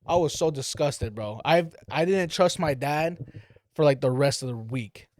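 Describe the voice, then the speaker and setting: Animated, foul-mouthed storytelling man. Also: on the high side, a little slow, no echo, studio quality. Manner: animated, profane, acts out quoted voices. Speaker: podcast guest; father of daughters. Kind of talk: casual storytelling.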